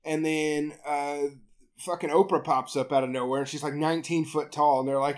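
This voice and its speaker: A man's voice: a little high, fairly even intonation, normal speed. A man co-hosting a comedy podcast, recapping a film in a rambling, crude way. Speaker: podcast co-host. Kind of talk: casual comedic movie recap.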